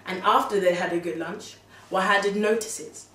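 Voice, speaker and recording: A young woman telling a dramatic story to her mother, confiding and animated, swinging between hushed and exclaiming. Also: medium pitch, normal speed. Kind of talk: dramatic monologue. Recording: echoey room, distant mic.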